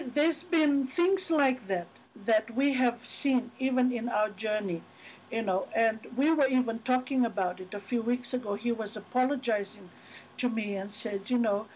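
High-voiced chatty woman sharing faith stories. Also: a little hiss or hum, poor audio. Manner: chatty storyteller, many "you know" fillers. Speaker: podcast guest. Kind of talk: casual faith conversation.

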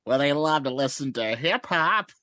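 A man co-hosting a comedy podcast, tossing in dry, teasing remarks. His voice sits a little high for a man. The sound is close with no room echo. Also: lively intonation, normal speed, sharp tone. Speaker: podcast co-host. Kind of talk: casual chat.

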